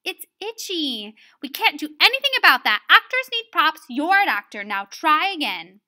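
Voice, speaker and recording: A woman voicing a strict, impatient female schoolteacher who scolds her students loudly during play rehearsal. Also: very high-pitched, very animated, slow pace, pitched above the performer's own voice, exaggerated voice. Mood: scolding. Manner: harsh, scolding, loud.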